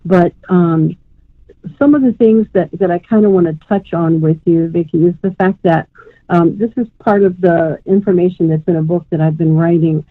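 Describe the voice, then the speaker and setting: A woman's voice: lowish voice, fairly even intonation, moderate pace, no echo. A woman psychic medium giving a live reading on a radio call-in show, talking in a rambling way and calling the caller sweetheart. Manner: warm, rambling, uses endearments like sweetheart. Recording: tinny phone line.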